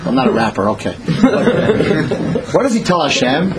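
A man in his fifties giving an animated Torah class, swinging between loud exclamations and hushed pleading. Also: fairly high pitch, unhurried, heavy background noise. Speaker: Torah teacher.

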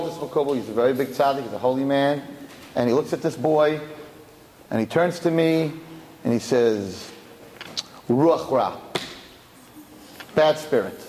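Animated rabbi telling a story in an echoey hall. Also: male voice, medium pitch, slight background noise. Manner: animated, acts out the dialogue of the story. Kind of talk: storytelling talk.

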